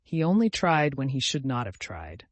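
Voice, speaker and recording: A man doing a gentle, grieving old man. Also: mid-range voice, very animated, normal speed, no room sound, dull audio.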